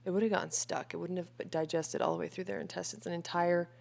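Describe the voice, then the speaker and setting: Woman, late 20s, podcast co-host, deadpan, low gravelly voice. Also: fast. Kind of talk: casual chat. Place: home.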